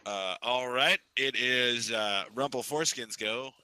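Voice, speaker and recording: A man running a tabletop game as dungeon master, easygoing and quick with his rulings. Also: medium pitch, bright, forceful tone, a little hiss or hum, poor audio.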